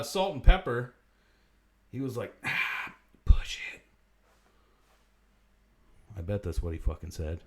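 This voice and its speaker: A man hosting a comedy livestream, swearing constantly and ranting, swinging from low mutters to loud outbursts. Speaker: comedy show host. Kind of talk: profane comedic livestream monologue.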